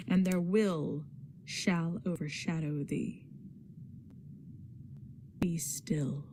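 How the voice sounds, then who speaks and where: A woman reading poetry aloud in a dramatic, expressive recitation. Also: fairly low pitch, a little hiss or hum. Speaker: poetry reader in a readathon.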